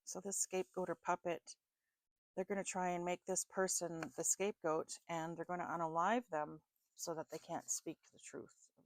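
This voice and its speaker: Gravelly-voiced North American woman reading cards. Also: on the low side, flat delivery, moderate pace, no echo. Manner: musing, thinking aloud, often asking "okay?". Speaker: tarot reader. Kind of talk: casual spiritual reading with spirit box.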